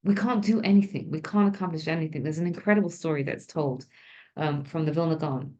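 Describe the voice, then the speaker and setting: A woman's voice: sits low, brisk, a little mellow, dull audio. A woman teaching an informal religious lesson, talking conversationally and asking the group questions.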